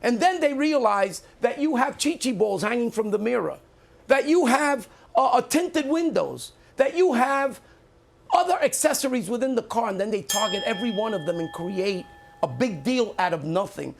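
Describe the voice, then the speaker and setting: An indignant man defends himself in a live studio debate. His voice has a gravelly, creaky edge and he leans hard on his points, repeating them for weight. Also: extremely high pitch, expressive, moderate pace. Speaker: mayoral candidate.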